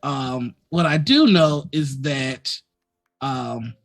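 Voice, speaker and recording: Fired-up ranting co-host with faint music. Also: mid-range voice. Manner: fast, animated ranting with swearing and stammered restarts. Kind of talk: casual live-stream chat. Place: at home, neighbors heard outside.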